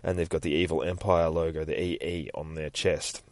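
Low, profane man rambling. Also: steady tone, normal speed, a little mellow, no room sound. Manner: profane, rambling, laughs at himself. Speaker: podcast host. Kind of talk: casual comic book read-through. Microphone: phone.

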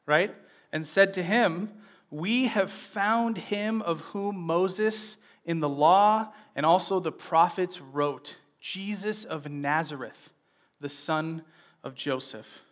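A man teaching a sermon on a Bible passage in a conversational way, often checking in with "right?" and retelling scenes in lively everyday speech. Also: high voice, takes it slowly.

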